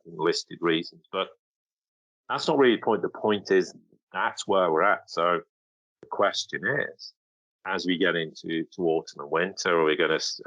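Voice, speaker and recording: A man's voice: sits low, bright, forceful tone, no echo, poor audio. A man speaking as a guest commentator in a podcast interview, emphatic and sarcastic, often acting out the voices of others.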